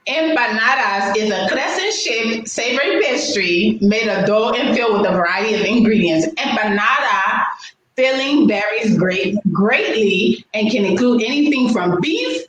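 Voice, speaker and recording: A woman's voice: on the high side, animated, normal speed, fairly bright tone. A woman co-hosting a casual talk show segment, with playful, sassy asides. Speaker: co-host. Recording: very echoey room.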